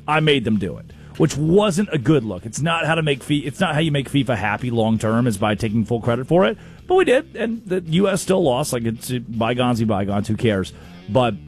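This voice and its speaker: Animated, joking radio host man. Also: fairly high pitch, creaky. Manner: storytelling, mimics people in quotes, animated. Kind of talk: comedic sports talk.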